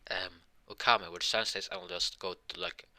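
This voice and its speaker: A man improvising a fan-fiction story out loud, rambling and halting with many restarts and self-corrections. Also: low-pitched, fairly even intonation.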